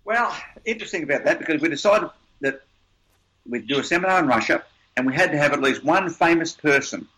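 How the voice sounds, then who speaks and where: A man's voice: a little high, expressive, a little fast, pushed and bright, poor audio. An older man, a seminar presenter, talking as an interview guest and telling stories with emphatic, repeated points. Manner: emphatic, repeats words while building a point. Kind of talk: storytelling conversation.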